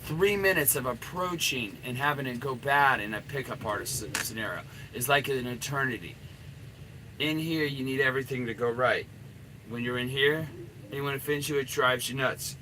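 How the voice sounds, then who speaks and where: A man's voice: medium pitch, normal speed, pushed and bright, slight background noise, low-quality recording. A middle-aged man, a dating coach, giving a blunt, profanity-laden and rambling coaching rant.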